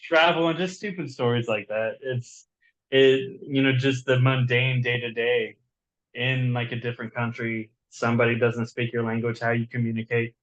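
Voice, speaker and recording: A man's voice: medium pitch, little pitch movement, moderate pace, fairly bright tone, lo-fi sound. A man with a slight Southern accent, chatting as a guest author in a rambling, enthusiastic way and often repeating words. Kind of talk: casual chat.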